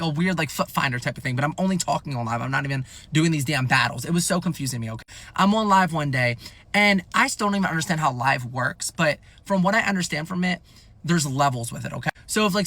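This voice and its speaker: Fast-talking young man telling a storytime. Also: on the high side. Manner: rambling, animated, heavy filler "like", frequent swearing. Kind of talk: casual storytime monologue.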